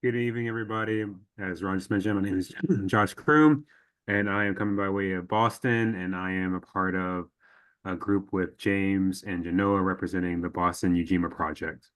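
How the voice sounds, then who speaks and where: A man's voice: sits low, fairly even intonation, normal speed, a bit bright, smooth, poor audio. A man introducing himself in a friendly, formal way on a video call. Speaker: community project member.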